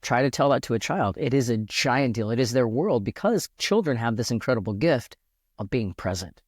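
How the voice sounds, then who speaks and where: A man's voice: medium pitch, lively intonation, normal speed, no room sound, studio quality. A man talking as a podcast guest in an earnest, reflective way, often restarting his sentences as he thinks aloud. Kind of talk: reflective casual conversation.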